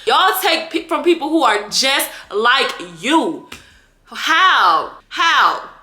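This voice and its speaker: A woman's voice: sits high, expressive, unhurried, bright, forceful tone. A young woman ranting in a vlog about scamming customers, blunt, heated and profane with lots of slang. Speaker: vlogger and delivery shopper.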